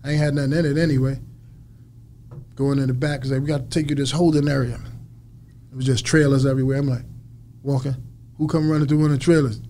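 A man as an interview guest, telling a story in a lively way and acting out other people's lines. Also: mid-range voice, quick pace, long pauses, faint music behind. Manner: animated storyteller acting out quotes.

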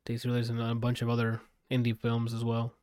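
Give me a mid-pitched man co-hosting a gaming podcast, jumping in with agreements, dry close recording. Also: monotone, fast, a little mellow, no echo. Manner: chimes in with short agreements and corrections. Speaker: podcast co-host. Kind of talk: casual chat about video games.

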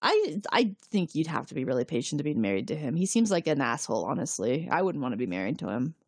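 A woman's voice: deep voice, big pitch swings, quick pace, breathy edge, no echo, studio quality. A woman hosting a podcast, casually retelling an episode and acting out the characters' lines. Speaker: podcast host recapping an episode. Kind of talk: casual chat.

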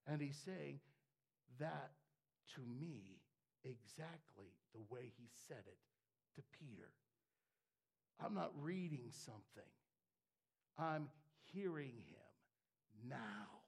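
A man preaching a sermon, dropping to hushed asides and then rising to shouted, fervent declarations. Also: mid-range voice, animated, slow pace, creaky, pauses often, husky.

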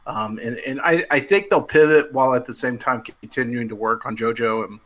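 A man with a bright, forward, mid-range voice chats briskly as a guest reporter on a casual podcast. His talk is loose and hedging, full of "you know"s, fillers and restarts.

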